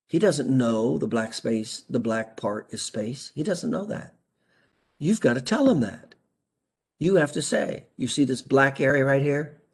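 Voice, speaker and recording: Emphatic male practice coach, slightly husky, drilling a point home. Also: medium pitch, a little mellow. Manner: emphatic, asks rhetorical questions. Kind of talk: training session critique.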